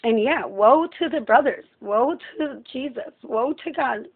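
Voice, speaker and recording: A woman's voice: sits high, measured pace, husky. A woman speaking in an impassioned, profane personal monologue, ranting at length. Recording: tinny phone-like sound.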